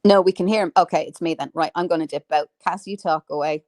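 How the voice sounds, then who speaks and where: A woman's voice: fairly low pitch, fast, darkish tone, no room sound, studio quality. A woman hosting a livestream in casual chat, blunt and sweary, calling her guests love and darling. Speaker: livestream host. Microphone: video call.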